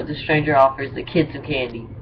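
A man's voice: a little high, moderate pace. A man vlogging casually, telling jokes in a hesitant, rambling, self-deprecating way. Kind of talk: casual joke-telling vlog. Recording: dull lo-fi mic with clear background noise.

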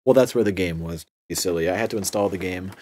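A man's voice: low-pitched, quick pace, a little mellow. A young man hosting an unboxing video, talking in a casual, sarcastic and rambling way.

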